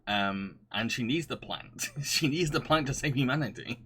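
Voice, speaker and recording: A man rambling happily on a live stream, his voice sitting at an ordinary middle pitch. He gushes, laughs often and stumbles over restarts as he reads out comments from chat. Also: lively intonation, moderate pace, fairly bright tone, slight background noise. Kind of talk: casual chat, reading chat.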